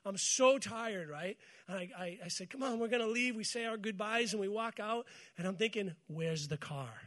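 A man with a high, light voice preaches a morning sermon. He keeps calling on the congregation to repeat his words back to him, and he mixes scripture with joking stories. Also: moderate pace, a bit bright. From United States. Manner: call-and-response with congregation, storytelling with humor. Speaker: pastor.

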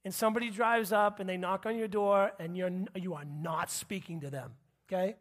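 A preacher in easygoing, chatty sermon mode who keeps checking in with the listeners. The voice sits at an ordinary middle pitch and shifts freely when acting out the people in the story. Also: steady tone, a little fast. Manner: conversational, checks in with the audience, acts out quotes.

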